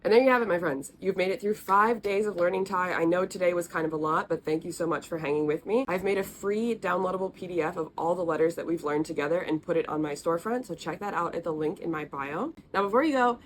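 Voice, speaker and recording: Friendly woman teaching letters, low voice. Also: fast talker, few pauses, a little hiss or hum. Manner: friendly, patient, spells out sounds and repeats them. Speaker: language teacher. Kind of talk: explaining, recorded lesson.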